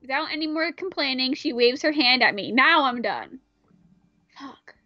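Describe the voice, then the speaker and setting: A woman's voice: high voice, expressive, moderate pace, no echo, lo-fi sound. A woman reading a visual novel aloud in a casual way, breaking off for irreverent, swearing asides. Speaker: player reading a game aloud.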